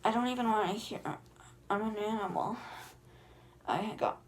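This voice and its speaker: A woman reading as a jumpy, chatty male donkey, rattling through the lines in a flat read-aloud way. The pitch is middling and a faint hiss lies underneath. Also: normal speed, lightly acted. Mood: plain reading. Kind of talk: reading a film script aloud.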